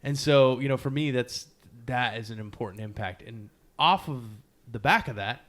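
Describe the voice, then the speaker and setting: A man, a podcast guest, telling stories casually with lots of fillers and self-mocking laughs. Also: medium pitch. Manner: animated, laughs at himself, many fillers; slow, measured poetry reading. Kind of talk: casual storytelling interview.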